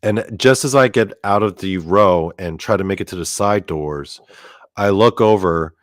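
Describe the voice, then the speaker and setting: A man's voice: sits low, normal speed, dry recording, clean studio sound. A man casually telling a story as host, rambling with lots of fillers and frequent swearing. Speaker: podcast host.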